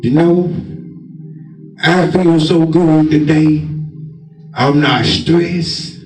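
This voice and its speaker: A man preaching a sermon in a loud, forceful, commanding manner. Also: on the high side, drawn-out words. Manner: emphatic, loud, commanding, says he talks with force. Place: church. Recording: echoey church with organ music behind.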